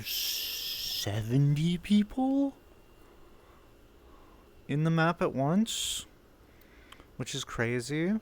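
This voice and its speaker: A man streaming a roleplay game, chatting casually and swearing freely. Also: mid-range voice. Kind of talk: casual chat between roleplay scenes.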